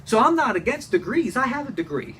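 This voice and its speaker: A man's voice: extremely high pitch, sing-song, brisk, sharp tone. A man preaching a sermon to a congregation, emphatic and repeating phrases for effect. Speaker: pastor. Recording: distant mic with faint room noise.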